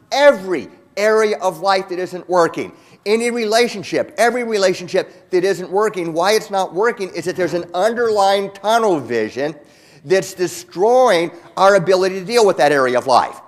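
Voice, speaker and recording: High-voiced man giving an earnest keynote. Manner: earnest, repetitive emphatic phrasing, slows for key points. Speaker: keynote speaker. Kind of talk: motivational keynote talk. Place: large conference hall.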